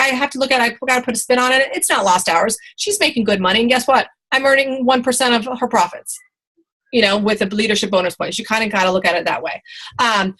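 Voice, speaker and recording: A woman's voice: fairly high pitch, bright, forceful tone, rough recording. Chatty, encouraging woman coaching her team. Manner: chatty, encouraging, many fillers and restarts, acts out quoted people. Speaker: team leader giving training. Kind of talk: motivational team training talk.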